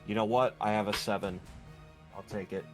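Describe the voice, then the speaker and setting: A man's voice: fairly low pitch, fairly even intonation, moderate pace, faint music behind. A man playing in a tabletop game, checking the rules with questions. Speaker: player.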